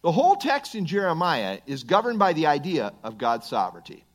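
A man teaching from scripture in an expository style, his voice sitting high and swinging widely as he emphasizes points. He drifts into conversational asides and chuckles between verses. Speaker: Bible teacher.

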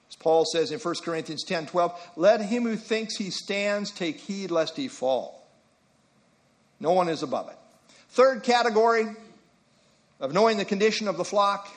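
In a high-pitched voice, a man delivers a conversational sermon as pastor, sprinkling in folksy asides and reading scripture slowly and deliberately.

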